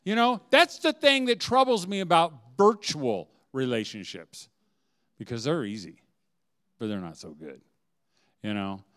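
A man speaking to a room of mothers, telling humorous stories with lots of laughter and big swings in loudness. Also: mid-range voice, lively intonation, measured pace. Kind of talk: humorous talk to a live audience. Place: room with an audience.

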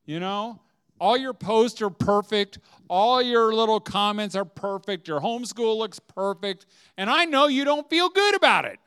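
Chatty middle-aged man, smooth voice. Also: sits high, lively intonation, moderate pace, fairly bright tone. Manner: chatty, acts out dialogue, laughs often. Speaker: speaker at a homeschooling event. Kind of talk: humorous inspirational talk to an audience.

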